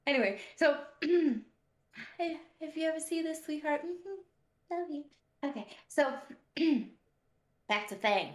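A woman's voice: high voice, expressive, slow pace, long pauses, echoey room. A woman co-hosting a podcast, telling a story in a casual, sassy way and laughing often. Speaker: podcast co-host.

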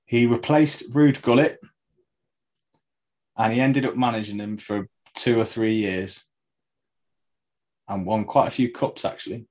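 A man's voice: mid-range voice, fairly even intonation, a little slow, pauses often, darkish tone, poor audio. A man co-hosting a casual football podcast, setting trivia questions with frequent laughs. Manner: quizzing with trivia, laughing often. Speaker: podcast co-host.

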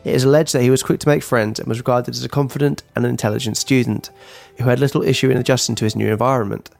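Fast, gravelly male podcast narrator. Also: medium pitch, fairly even intonation, a little mellow, faint music behind. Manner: brisk scripted reading with dry teasing. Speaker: podcast co-host. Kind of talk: casual true-crime podcast narration.

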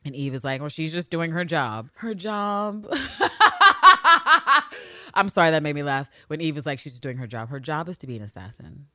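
A woman's voice: very deep voice, fast talker, hardly any pauses, dry recording, clean studio sound. A woman co-hosting a casual podcast, recapping a TV episode, swearing freely and acting out the characters' lines in voices. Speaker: podcast co-host.

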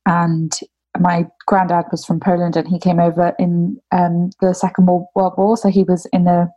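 Mellow, rambling young woman. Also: on the low side, flat delivery, moderate pace. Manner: rambling, heavy use of "like" fillers. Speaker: interviewee. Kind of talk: casual conversation.

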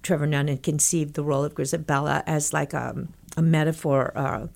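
A middle-aged woman from Texas, a guest telling a long anecdote in animated bursts, quoting people as she goes. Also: sits low, fairly quick, gravelly. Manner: animated, breathless anecdote-telling with quoted dialogue. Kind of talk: conversational storytelling.

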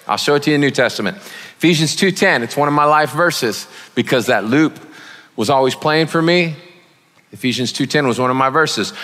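A man preaching as a guest speaker, conversational and joking, with sudden loud emphasis. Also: medium pitch, brisk. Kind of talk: sermon. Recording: long reverb of a large hall.

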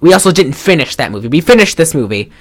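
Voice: mid-range voice, sing-song, quick pace. Rambling, chatty podcast co-host. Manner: rambling, chatty, with many fillers and restarts. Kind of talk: casual chat recapping a film.

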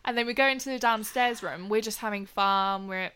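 Young woman, bright and lively voice, cheerfully sweary storyteller. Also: mid-range voice, a little fast. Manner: swears freely, laughs through the story. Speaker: podcast co-host telling a story. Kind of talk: casual chat.

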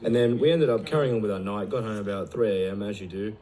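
A man's voice: on the low side, fast, warm tone. A man on a podcast, chiming into a shared story with chuckles. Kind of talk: casual storytelling.

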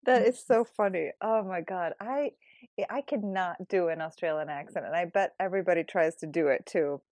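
A middle-aged woman hosts a casual conversation, laughing easily and drawing out her guest with questions. Her voice sits a little low for a woman and the recording is dry and close, with no room sound. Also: moderate pace, darkish tone, no echo. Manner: giggly, friendly, asks questions. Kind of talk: casual chat.

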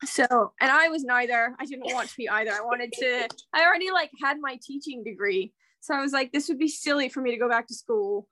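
A woman's voice: sits high, fairly quick, hardly any pauses, sharp tone, slight background noise. A young American woman, a guest on a podcast, telling her story in casual chat, full of "like" and "um". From Kansas City, USA. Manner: chatty, many fillers like "like" and "um". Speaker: guest, secondary English teacher.

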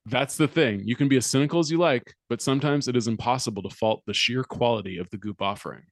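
A man's voice: medium pitch, fast, dry recording. A man co-hosting a casual podcast, reading an article aloud with wry, mock-dramatic asides. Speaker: podcast co-host.

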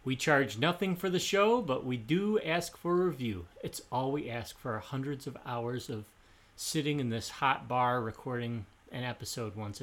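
A man co-hosting a casual history podcast, with an ordinary mid-pitched voice. He is friendly and jokey, with loose fillers and restarts. The recording was made in a bar. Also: a bit bright. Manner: friendly, joking, filler-heavy sign-off talk. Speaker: podcast co-host.

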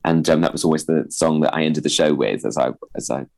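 A man's voice: very deep voice, quick pace, vocal fry, darkish tone, rough recording. A man in his thirties with a posh-sounding voice, a comedian guest in a radio interview, talking hesitantly with many restarts. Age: 30s. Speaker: stand-up comedian.

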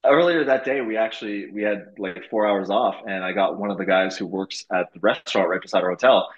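A young man from Canada telling casual stories as a podcast guest, animated and swearing freely, acting out what people said. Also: fairly low pitch, brisk, muffled recording. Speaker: podcast guest, former reality show lead. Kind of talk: casual storytelling.

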